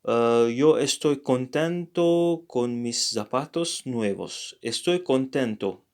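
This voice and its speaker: Male language teacher, unhurried, halting delivery full of fillers. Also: medium pitch, animated, darkish tone. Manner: hesitant, many fillers and self-corrections. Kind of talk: casual spoken lesson, reading examples aloud.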